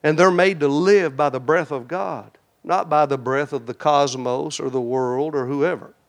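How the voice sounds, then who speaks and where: A man preaching a sermon in a folksy way, talking straight to his congregation and swinging between loud, emphatic lines and hushed, prayerful ones. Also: a little high, steady tone, normal speed, gravelly. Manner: folksy, addresses the congregation directly.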